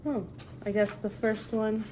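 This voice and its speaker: A young adult woman reading a storybook aloud in a relaxed, unhurried way. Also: mid-range voice, background noise. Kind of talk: casual read-aloud narration.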